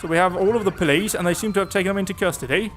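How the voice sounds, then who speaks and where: A young man giving chatty, sarcastic commentary over his own police-driving gameplay, with sudden excited outbursts. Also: high-pitched, very fast, a little hiss or hum. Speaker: gaming YouTuber.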